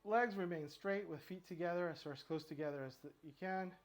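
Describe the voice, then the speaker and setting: Man, somewhat high voice, out of breath, casual workout chatter, counts reps aloud. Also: fairly quick. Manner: counts reps aloud, rambling and self-correcting. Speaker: fitness vlogger. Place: home floor workout with his dog nearby.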